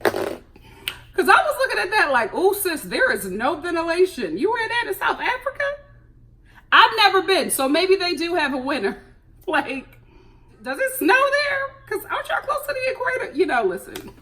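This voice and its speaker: A young American woman giving sassy, animated commentary on a reality show and laughing often. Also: extremely high pitch, normal speed. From United States. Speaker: show reviewer.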